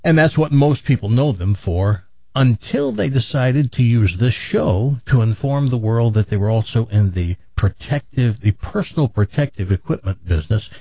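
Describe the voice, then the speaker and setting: A man hosting a radio talk show, chatting and joking, then pitching a sponsor in a salesman-like way. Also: animated, moderate pace, dark tone, dry recording, muffled recording. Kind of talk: casual radio chat and live read.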